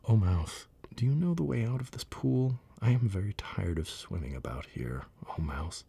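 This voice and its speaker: A polite, wondering little girl from a bedtime storybook, as a man whispers her lines. Whispered role-play with a husky, breath-heavy grain and a gravelly edge under it, kept soft and earnest throughout. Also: fairly low pitch, lively intonation, normal speed, full character voice. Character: curious polite little girl lost in a dream world.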